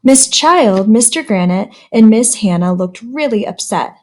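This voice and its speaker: A woman reading a children's chapter book aloud, with lively pitch jumps for the quoted characters. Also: measured pace. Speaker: read-aloud storyteller.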